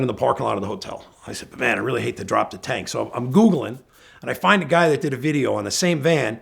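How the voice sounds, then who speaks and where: Gravelly-voiced man telling a road story. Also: on the high side. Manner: animated storytelling, acting out his own and others' lines. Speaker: guest storyteller. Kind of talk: casual anecdote telling.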